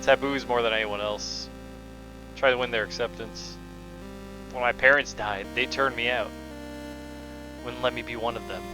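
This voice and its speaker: A man voicing a dying male game villain, reading the lines quietly and somberly. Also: medium pitch, fairly even intonation, normal speed, long pauses, over music, close to an everyday voice, rough recording. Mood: bitter, mournful. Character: dying bitter male villain, lifelong outsider. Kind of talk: reading game dialogue aloud.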